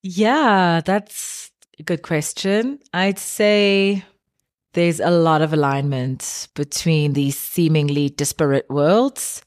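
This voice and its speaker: A woman from South Africa, a guest artist, answering interview questions in a thoughtful, measured way with pauses. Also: low-pitched, no echo, clean studio sound.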